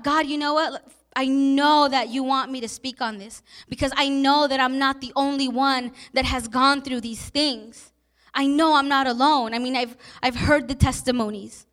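Young woman pastor, high voice, heartfelt storytelling sermon. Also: a bit bright. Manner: personal storytelling, emotional and earnest.

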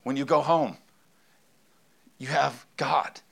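A male pastor delivers a sermon in a relaxed, conversational tone. He leans hard on his main points and comes back to the same phrase again and again. His voice sits at an ordinary, middle pitch for a man. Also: slow, gravelly, slightly rough. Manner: conversational, emphatic, repeats key phrases.

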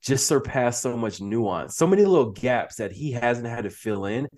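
Man, interview guest, casual talk, animated, laughs often, restarts, mid pitch. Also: moderate pace. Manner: acts out quoted speech. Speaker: podcast guest.

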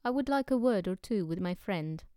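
A woman's voice: medium pitch, expressive, moderate pace, dark tone, no echo, studio quality, natural voice. A woman reading the lines of a young, hot-headed male poet who is suspicious and blunt, often in an urgent whisper.

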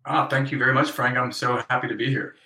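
A middle-aged American man talks casually as a guest over a long-distance call. His voice is bright and forceful, with a roomy echo around it. He is chatty and self-deprecating, often restarting his sentences. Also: mid-range voice, fairly even intonation, quick pace. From Northeast US. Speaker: guest author. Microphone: remote call from abroad.

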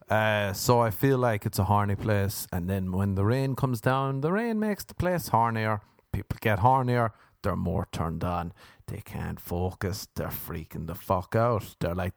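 A man's voice: lowish voice, dry recording. Irish guy doing a solo comedy podcast indoors, rambly and crude, swears a lot, dry close sound. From Ireland. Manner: crude, swearing, jokey tangents and wordplay. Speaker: podcast host. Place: indoors at home by a window.

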